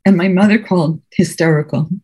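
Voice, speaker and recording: This middle-aged woman, a guest speaker at a recovery meeting, gives a personal recovery testimony by video call. She speaks in a lowish, brisk voice that is a little mellow and slightly rough, staying earnest and conversational while repeating words to stress them.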